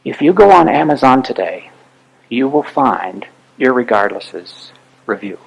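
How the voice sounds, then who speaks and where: A man speaks to an audience with earnest, emphatic conviction. His voice has a gravelly edge with plenty of fry, and a breathy, husky grain runs through it. He sits at an ordinary middle pitch. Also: very animated, a little slow, poor audio. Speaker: author and speaker. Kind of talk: public talk to an audience.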